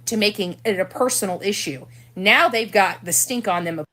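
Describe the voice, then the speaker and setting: A woman's voice: mid-range voice, moderate pace, pushed and bright. A woman in a played video clip, explaining herself in a defensive, aggrieved way.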